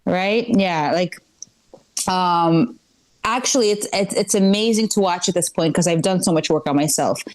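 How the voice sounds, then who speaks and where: A woman's voice: lowish voice, normal speed, low-quality recording. A woman performing a live stand-up set at a comedy club, rambling and self-deprecating with many fillers and restarts.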